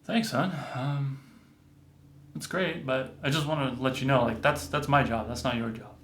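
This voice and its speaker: A man voicing a kind but firm father who softly and gently repeats himself. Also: medium pitch, fairly even intonation, moderate pace, lightly acted. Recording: roomy echo.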